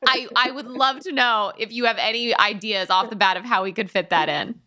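A woman hosting a casual interview, enthusiastic and quick to laugh. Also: a little high, sharp tone. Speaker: podcast host.

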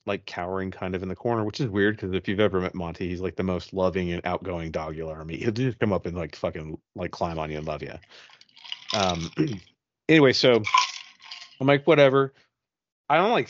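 A man's voice: sits low, brisk, no room sound, muffled recording. A man on a podcast casually telling a ghost story, profane and rambling, acting out his own reactions. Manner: profane, rambling, animated retelling.

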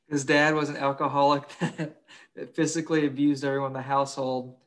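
A man's voice: mid-range voice, level tone, moderate pace, a bit bright. A young man co-hosting a casual podcast, crude and joking, swearing freely. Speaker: podcast co-host.

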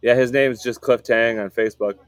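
A man's voice: mid-range voice, fairly even intonation, fairly quick, dry recording. Laid-back male podcast host. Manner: laid-back, says dude often, laughs a lot. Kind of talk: casual chat.

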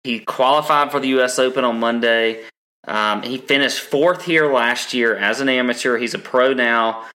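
A man's voice: medium pitch, normal speed, bright, forceful tone. A man co-hosting a podcast, chatting casually with lots of ums and restarts. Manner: rambling, frequent ums and restarts. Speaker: podcast co-host.

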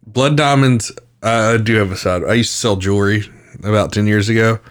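A man's voice: lowish voice, steady tone, moderate pace. A man hosting a podcast, swearing freely and joking sarcastically in casual banter. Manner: crude, sarcastic, swears a lot. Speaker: podcast host.

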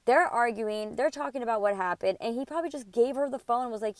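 Woman podcaster ranting about her ex, swears a lot, smooth clear voice, dry close sound. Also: a little high, fast talker, dry recording. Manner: profane, indignant, rambling. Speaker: podcast host. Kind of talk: heated personal storytelling.

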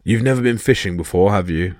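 A man's voice: on the low side, fast, a little mellow, no echo, studio quality, natural voice. A man voicing a hulking male giant who hates gods, bellowing and mocking.

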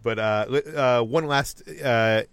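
A man's voice: mid-range voice, slow pace, fairly bright tone, clear, resonant tone, dry recording. A man from Boston hosting a podcast, reading listener mail in casual chat and stumbling over many fillers and restarts. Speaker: podcast host.

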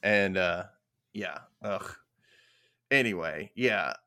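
A man's voice: sits low, takes it slowly, bright, forceful tone. A man hosting a casual podcast recap, laughing easily and asking the audience questions. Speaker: podcast host.

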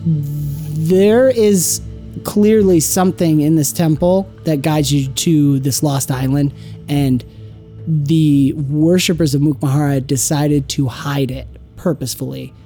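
A woman narrating as game master of a tabletop game, giggly and lively. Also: low voice, slow pace, soft background music.

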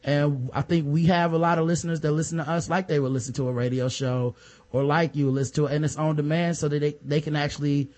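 A man's voice: fairly high pitch, fairly even intonation, quick pace, a little mellow. A man co-hosting a podcast in casual chat, reading listener reviews aloud in a laid-back, frank way and swearing freely. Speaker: podcast co-host.

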